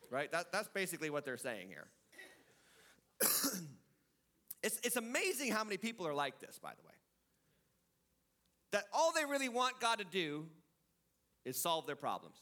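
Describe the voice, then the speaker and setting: A man's voice: high-pitched, wildly swooping pitch, normal speed, long pauses, sharp tone. A man preaching a sermon in a conversational way, acting out voices from the text and building to emphatic climaxes. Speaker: pastor.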